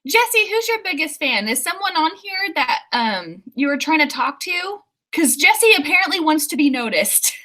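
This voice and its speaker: A woman's voice: sits high, normal speed, few pauses. Giggly, bubbly young woman on a livestream. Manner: giggly, excitable, laughs often; reads viewer comments aloud. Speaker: author livestreaming writing sprints. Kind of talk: casual livestream chat. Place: her apartment.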